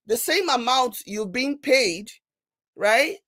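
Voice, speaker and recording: A woman with a Nigerian accent hosting a casual commentary show, reading viewer comments and mocking them with animated, repetitive emphasis. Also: on the high side, unhurried, no echo. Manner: animated, laughing, mocking, repeats herself for emphasis. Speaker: commentary channel host.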